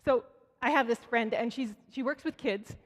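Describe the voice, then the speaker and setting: Speaking at a moderate pace in a fairly high voice, a woman from Canada delivers a conversational sermon at church. She tells stories, performs the voices of people she quotes, and frequently restarts her sentences, all echoing in the long reverb of the sanctuary.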